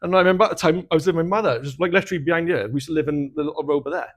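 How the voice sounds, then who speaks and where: A Welsh man with a fairly high speaking voice rambles through a personal story on a podcast. He is frank and casual, swears often, and laughs at his own dark jokes. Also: racing. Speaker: podcast co-host.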